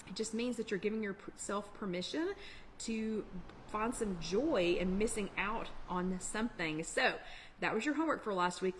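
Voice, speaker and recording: A woman hosting a live online workshop chat, talking fast in a chatty, encouraging way. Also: mid-range voice, slight background noise. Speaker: workshop host. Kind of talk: casual live-stream chat.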